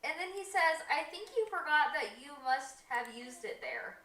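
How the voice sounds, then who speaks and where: A woman's voice: sits high, sing-song, moderate pace, bright, forceful tone, a little hiss or hum. A young woman on a home livestream, telling a rambling story with many ums and reading out chat comments. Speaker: co-host of a livestream. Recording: echoey room.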